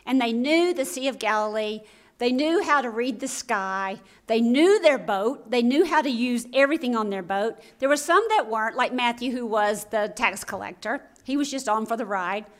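A woman's voice: a little high, lively intonation, normal speed. A woman pastor preaching a sermon, telling a story dramatically and acting out voices.

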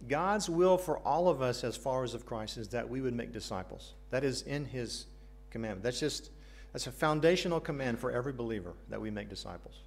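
A man's voice: medium pitch, lively intonation, fairly quick, hardly any pauses. An American man preaches a sermon in an earnest tone. He puts questions to the congregation and drops in light jokes between his points. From United States. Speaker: pastor.

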